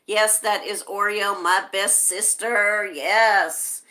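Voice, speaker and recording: Slow-talking bright-voiced woman host. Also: medium pitch, fairly even intonation. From United States. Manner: slow, chatty, reads comments aloud with frequent laughs. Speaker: livestream host reading chat. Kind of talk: casual livestream chat.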